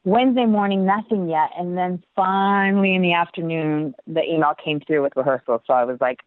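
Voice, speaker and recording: A woman dancer telling a story in an interview, animated, acting out the voices she quotes and laughing often. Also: lowish voice, moderate pace, no echo. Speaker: guest dancer. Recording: tinny phone-like line, dry.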